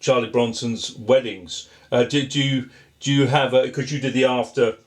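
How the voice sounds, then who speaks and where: A man interviewing a guest, asking questions in a halting, restarting conversational way. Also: medium pitch, fairly even intonation.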